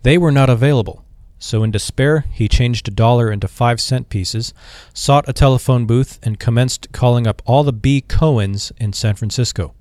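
A man's voice: medium pitch, normal speed, a little mellow, no echo. Man narrating a classic story, dry close sound. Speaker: audiobook narrator. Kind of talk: scripted narration.

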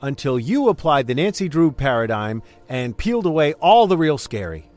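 A man's voice: a little high, sing-song, normal speed, darkish tone. A dry, lecturing horror snob voiced by a man in a comedic audio drama. He lays out his points in long, wordy sentences. Faint music plays underneath. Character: pedantic adult male horror snob.

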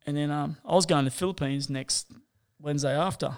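A man's voice: on the high side, steady tone, brisk, smooth. A man telling rambling, sweary stories in a casual chat, full of fillers.

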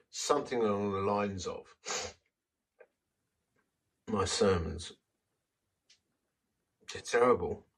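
A man's voice: fairly low pitch, a little mellow, recorded from a distance, a little hiss or hum, low-quality recording. A man preaching a sermon, telling a personal story in a conversational, self-deprecating way.

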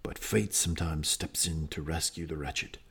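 A man putting on an impression of a grim, weary male bounty hunter with a New Zealand accent, speaking low and solemnly. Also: normal speed, creaky, fairly bright tone, breathy edge, heavily acted.

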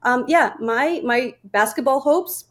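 A woman's voice: sits high, takes it slowly. Chatty woman coach telling her story. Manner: chatty, laughs often, many restarts. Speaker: guest nutrition and fitness coach. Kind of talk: casual interview storytelling.

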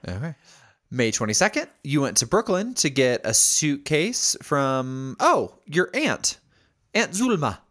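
Lively, playful man asking questions. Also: on the high side, a little slow. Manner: playful, prompting questions, laughs easily. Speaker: podcast co-host. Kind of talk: casual chat.

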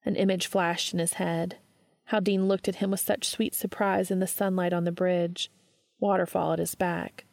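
A woman narrating a story aloud in a calm, even storytelling manner. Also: on the low side, normal speed, gravelly, dry recording, clean studio sound. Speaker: podfic reader. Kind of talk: audiobook narration of fan fiction.

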